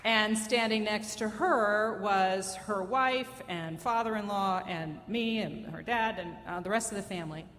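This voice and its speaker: A woman's voice: mid-range voice, unhurried, hardly any pauses, fairly bright tone, big-room sound, some chatter behind, slight background noise. A woman in her fifties telling a personal story live on stage, conversational, wry and self-mocking.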